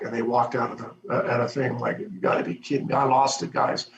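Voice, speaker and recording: A man recounts his time as a corrections officer at a fast clip, stumbling into restarts as he goes. His voice comes through a video call with a roomy echo, and the sound is dull and low-fi. A faint hum runs underneath. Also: vocal fry. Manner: fast, animated retelling with hesitant restarts. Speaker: former prison corrections officer. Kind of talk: storytelling in an interview.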